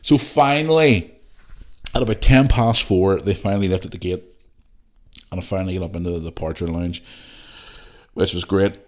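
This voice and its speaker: Man, Northern Irish accent, deep voice, middle-aged, rambling casual storytelling, lots of swearing. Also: moderate pace, pauses often. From Northern Ireland. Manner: rambling, sweary, addresses listeners as guys. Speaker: podcast host.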